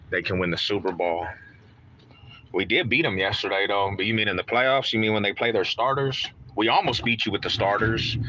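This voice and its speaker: Man, very bright tense voice, hyped trash talk, casual live stream, faint car hum behind. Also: on the low side, highs cut off. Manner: trash-talking, hyped and repetitive, calls listeners bro. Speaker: live-streaming sports fan host. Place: in a car driving to work. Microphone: phone in hand.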